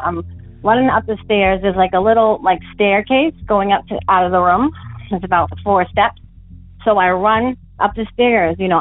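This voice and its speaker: Woman telling a scary story over the phone. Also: no echo. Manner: rambling, many fillers, rises to high pitch when retelling panic. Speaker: caller telling a paranormal story. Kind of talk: voicemail story, casual telling. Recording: tinny phone line, dry.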